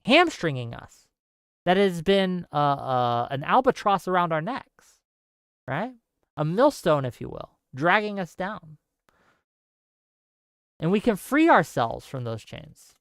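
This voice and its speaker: Impassioned man on a crisp, dry mic. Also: high-pitched, very animated, takes it slowly, pauses often, dry recording. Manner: impassioned, repeats himself for emphasis; checks in with listeners with "right?". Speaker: livestream host. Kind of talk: political commentary livestream.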